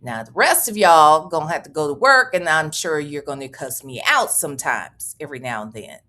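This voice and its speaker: A woman's voice: low voice, lively intonation, moderate pace, bright, forceful tone. A woman hosting a casual livestream, chatty and profane, reading out viewer messages and thanking them. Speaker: livestream host.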